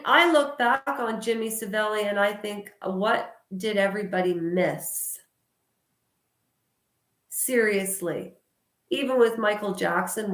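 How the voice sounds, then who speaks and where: A woman vlogger ranting loudly and outspokenly in a casual talk to camera. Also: fairly high pitch, roomy sound. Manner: loud and outspoken. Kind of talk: casual opinion rant to camera.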